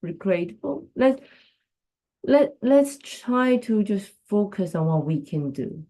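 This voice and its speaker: Slow, earnest woman giving a live pep talk. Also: mid-range voice, sing-song, dark tone. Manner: earnest, repeats phrases for emphasis, speaks to viewers directly. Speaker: host of a live talk stream. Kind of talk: casual motivational talk.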